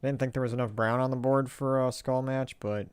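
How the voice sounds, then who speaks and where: Smooth-voiced man rambling through gameplay. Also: mid-range voice, steady tone, fairly quick, a little mellow, no room sound. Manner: rambling and hesitant, reads viewer chat aloud; wry, self-mocking. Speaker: game streamer. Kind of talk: casual gameplay commentary on a live stream.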